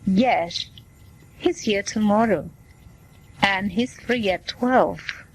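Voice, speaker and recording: A woman's voice: medium pitch, slight background noise, low-quality recording. A woman reading as a polite clinic receptionist. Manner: slow, plain reading voice. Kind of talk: scripted dialogue for learners.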